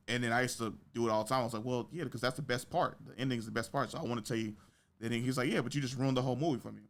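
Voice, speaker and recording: A young man hosts a podcast in easy, slangy chat, winding through his stories at a mid pitch. He swears freely and lets the tale run on. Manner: animated storytelling with big pitch jumps in quoted reactions; slangy, profane speech. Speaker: podcast host. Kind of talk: casual chat.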